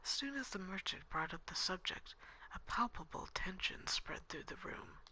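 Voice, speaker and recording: A woman reading game narration in a slow, measured, hushed voice. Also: fairly low pitch, lively intonation, in a whisper, full character voice, rough recording. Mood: calm.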